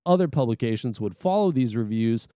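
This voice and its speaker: A man's voice: medium pitch, expressive, a little fast, dark tone, no room sound, clean studio sound. A man co-hosting a gaming podcast, reading notes and chatting in a laid-back, wisecracking way. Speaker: podcast co-host. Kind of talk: reading notes and casual chat.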